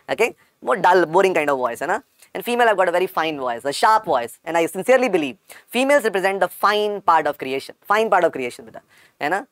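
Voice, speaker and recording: A man with an Indian accent and a croaky voice, teaching an online medical lecture and repeating key points to his students. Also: sits high, no room sound, studio quality. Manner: repetitive, calls students "beta".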